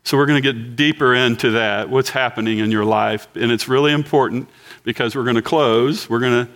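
Older guy preaching in church, chatty and joking with the crowd, middle pitch. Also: fairly even intonation, brisk, a bit bright. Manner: conversational, joking with the congregation. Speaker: pastor. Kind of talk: sermon.

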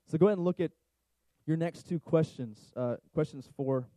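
A man's voice: a little high, moderate pace, mellow, no room sound, rough recording. A middle-aged man preaching a sermon, talking conversationally and asking the congregation questions. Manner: conversational, asks the crowd questions. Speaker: pastor.

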